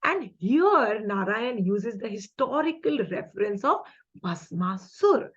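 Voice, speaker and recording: A woman's voice: on the high side, big pitch swings, slow pace, husky, muffled recording. A woman with an Indian English accent running a quiz-style exam-prep lesson, chatty and upbeat, mixing in Hindi asides.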